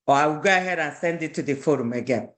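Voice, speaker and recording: A language teacher, an Igbo speaker, patiently teaching a beginner class and repeating each phrase slowly for learners. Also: mid-range voice.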